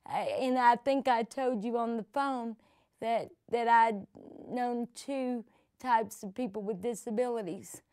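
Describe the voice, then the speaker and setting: Middle-aged woman, oral-history interviewee, smooth clear voice, slightly high, rambling anecdotal delivery. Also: steady tone, a little slow, darkish tone, dry recording, clean studio sound. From American South. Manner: conversational storytelling with many restarts and "you know". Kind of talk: personal storytelling interview.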